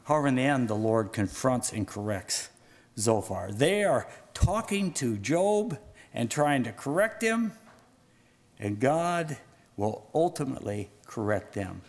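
Guy giving a sermon, medium pitch, gets louder and higher reading verses. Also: big pitch swings, unhurried. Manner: rises in pitch and volume when reading scripture aloud. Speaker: pastor.

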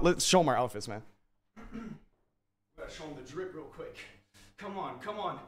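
An excitable young man chatting on a livestream from home, his voice sitting a little high for a man. He talks in loose, slangy bursts and keeps calling his viewers bro. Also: moderate pace, long pauses, husky. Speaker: gaming livestreamer. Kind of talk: casual livestream chat.

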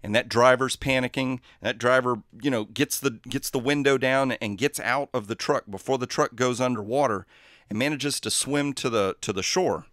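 A man hosting a livestream, telling a joke and chatting casually in a relaxed, rambling way. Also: medium pitch, moderate pace, no echo, studio quality. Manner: relaxed, rambling, chuckling asides. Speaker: livestream host.

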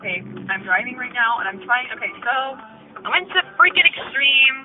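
A woman's voice: on the high side, animated, a little fast, a little hiss or hum. A woman venting in an annoyed, swearing rant while she drives her car. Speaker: vlogger. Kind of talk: venting vlog while driving. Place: inside a car. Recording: tinny phone-like audio with faint music.

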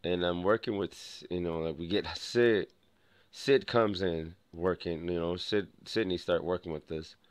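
A young man with a low voice tells a story straight to the camera, rambling and restarting as he acts out who said what. The sound is dry and close, with no room around it. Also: steady tone, measured pace, clear, resonant tone, dry recording. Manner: rambling, full of restarts and quoted dialogue. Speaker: vlogger.

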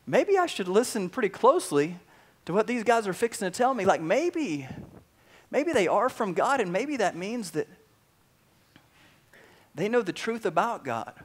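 A man putting on a flustered Roman governor whose voice shoots up high as he babbles in shock. He talks in quick, rambling bursts, well above the preacher's own register, in the middle of a sermon story. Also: sing-song. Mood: pondering. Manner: breathless, rambling, high-pitched when shocked. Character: panicked awestruck male Roman governor.

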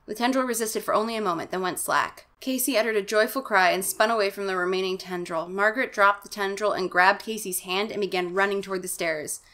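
A woman's voice: medium pitch, a little fast, hardly any pauses, a bit bright. A young woman hosting a comic reading of a children's horror book, mixing dramatic narration with sarcastic, irreverent asides and putting on exaggerated voices for the characters. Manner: sarcastic, irreverent commentary with profanity.

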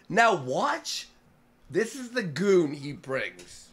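A man's voice: a little high, very animated, drawn-out words, fairly bright tone. A man co-hosting a podcast, giving mocking comedic commentary on a stream clip and laughing often. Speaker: podcast co-host.

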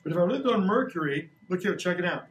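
Man, 60s, playful classroom science teacher; slightly high voice, roomy distant classroom sound. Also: lively intonation, fast. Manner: playful, joking, asks kids questions. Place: school classroom. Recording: echoey classroom recorded from a distance.

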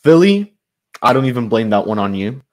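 A man's voice: fairly low pitch, steady tone, quick pace. A man hosting his own sports channel, giving a frustrated, loosely improvised commentary rant full of restarts.

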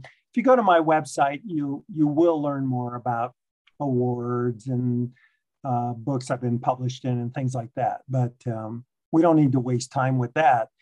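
A man from Chicago giving a casual presentation over a video call as a guest speaker, relaxed and joking at his own expense. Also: medium pitch, a little slow, muffled recording. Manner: relaxed, joking, self-deprecating.

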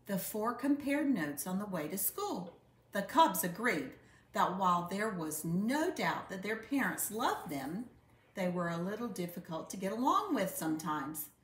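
A woman reading a children's picture book aloud with expressive, unhurried storytelling. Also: mid-range voice. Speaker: storybook reader. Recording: roomy echo.

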